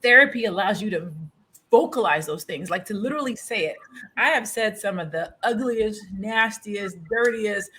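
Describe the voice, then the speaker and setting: Husky woman speaking earnestly. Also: medium pitch, moderate pace, pushed and bright, rough recording. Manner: earnest, builds points through repeated phrases. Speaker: panel guest. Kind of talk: casual panel chat.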